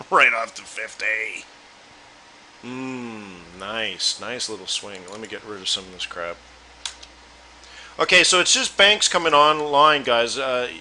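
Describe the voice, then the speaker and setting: A man's voice: medium pitch, bright, forceful tone, slight background noise, poor audio. A man hosting a live trading webinar, chatting loosely and talking straight to his viewers. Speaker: forex trading room host.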